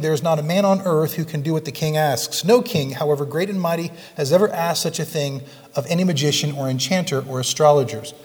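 A pastor in a church sanctuary delivering a sermon to his congregation, his voice a bit higher than most men's. He talks to the room in an easy, conversational way, often asking them questions, and the sound carries a long hall reverb. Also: a little mellow.

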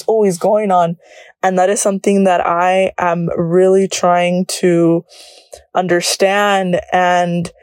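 A woman's voice: lowish voice, darkish tone, no room sound, clean studio sound. A woman in her early twenties hosting a solo podcast, chatting in a bubbly way, laughing often and slipping between English and Spanish. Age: early 20s. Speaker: podcast host.

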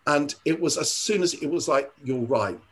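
An older man, a church leader, talking in an interview, earnest and reflective, often pausing and restarting his sentences. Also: fairly high pitch, fairly even intonation, a bit bright. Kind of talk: conversational interview storytelling.

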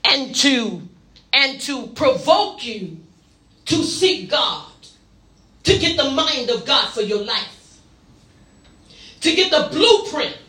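A woman's voice: high-pitched, big pitch swings, takes it slowly, long pauses, bright, forceful tone, roomy sound, distant mic. A woman preaching a sermon in short, punchy call-and-response bursts, playful and acting out little asides. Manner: playful, acts out asides and quotes.

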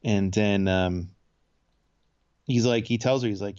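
A man co-hosting a podcast, casually retelling a TV episode in a loose, laid-back way and tossing in quick character voices. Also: lowish voice, darkish tone, clean tone, dull audio. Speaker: podcast co-host. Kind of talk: casual chat recapping a TV episode.

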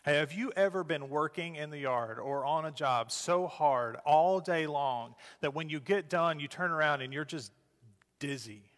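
A man preaching a sermon as a pastor, moving between loud urging and soft, slow phrases. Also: on the high side, long reverb tail.

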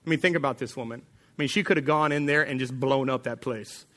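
A man preaching a sermon as pastor, telling a story with animated delivery and acting out the voices of its people. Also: medium pitch, quick pace.

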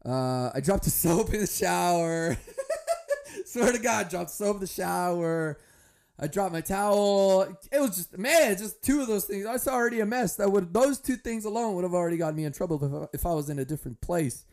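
A young man hosting a podcast, telling rambling stories in a profane, animated way. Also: sits high, moderate pace. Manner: profane, animated storytelling, breaks into laughs. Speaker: podcast host. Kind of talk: casual monologue.

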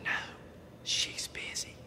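A man voicing a small boy in a whispered role-play, whispering, hushed and secretive. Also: slow pace, echoey room, big-room sound.

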